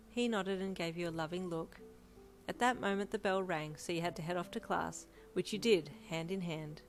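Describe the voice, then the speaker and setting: A woman reading a fan fiction story aloud in an even storytelling manner, with faint instrumental music. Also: lowish voice, normal speed. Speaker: story narrator.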